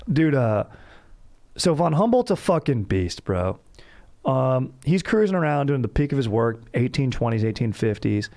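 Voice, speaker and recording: A young man hosts a casual podcast in a mid-pitched voice. He talks in a hyped, slangy way, swearing casually and dropping dude into almost every line. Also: very animated, moderate pace, darkish tone. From Orange County, California. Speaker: podcast host.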